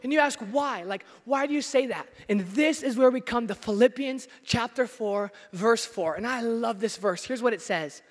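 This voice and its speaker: A man preaching a sermon as pastor, energetic and joking with his listeners, shouting some words for emphasis. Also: very high-pitched, moderate pace, hardly any pauses, long reverb tail.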